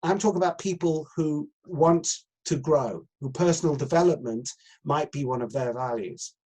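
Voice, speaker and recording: A man's voice: on the high side, moderate pace, darkish tone, poor audio. A middle-aged man, an acting coach talking on a video call, rambling with many fillers and restarts. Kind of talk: live video chat coaching session.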